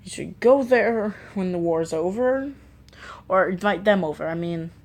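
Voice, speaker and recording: A woman's voice: on the low side, lively intonation, measured pace, darkish tone. A woman hosting a reaction video, rambling and thinking aloud with lots of fillers. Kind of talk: casual reaction commentary.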